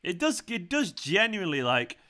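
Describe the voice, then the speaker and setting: Ranting bright-voiced football fan streamer. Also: male voice, high-pitched, big pitch swings, moderate pace. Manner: ranting, swearing, shouting in celebration. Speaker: football fan channel host. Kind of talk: live match watchalong commentary.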